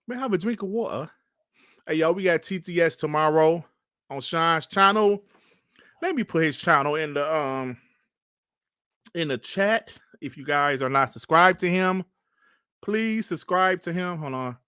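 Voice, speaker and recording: A man's voice: fairly high pitch, unhurried, bright, forceful tone, clean tone, dry recording, clean studio sound. A man hosting a casual live stream, laughing often and trash-talking with plenty of swearing. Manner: laughing, profane trash talk.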